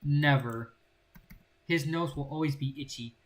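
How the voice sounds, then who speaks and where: A man's voice: fairly high pitch, unhurried. A young man in casual gameplay commentary, playful and rambling as he jokes about the characters on screen. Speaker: gaming channel host.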